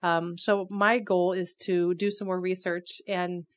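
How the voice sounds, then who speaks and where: A woman's voice: lowish voice, level tone, measured pace. A woman co-hosting a podcast in a radio studio, chatty and playfully teasing her co-host. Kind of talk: casual chat.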